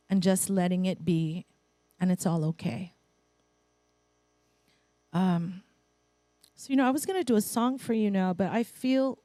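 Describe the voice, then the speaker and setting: A woman giving a relaxed, conversational sermon to her spiritual congregation. She talks in a playful way, breaking off for asides and light laughter. Her voice sounds close and dry. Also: mid-range voice, dry recording. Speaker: speaker at a spiritual center. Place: spiritual center congregation, in Hawaii.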